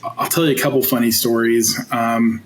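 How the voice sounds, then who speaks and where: A man in his forties, a teacher and coach, telling stories in an animated, chatty way with lots of fillers. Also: medium pitch, moderate pace. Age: 40s. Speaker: teacher and football coach, guest. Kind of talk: casual storytelling interview. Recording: roomy echo, faint noise.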